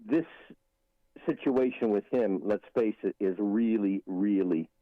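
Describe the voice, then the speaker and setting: A man's voice: lowish voice, measured pace, no room sound, phone-quality sound. A man guest on a talk radio show giving rambling political commentary with frequent restarts and emphatic asides.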